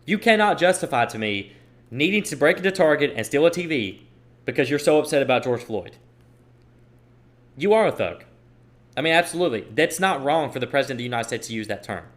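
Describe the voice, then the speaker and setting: A man's voice: medium pitch, expressive, brisk, pauses often. A man hosting a solo podcast, giving opinionated commentary and repeating his points for emphasis. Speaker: podcast host.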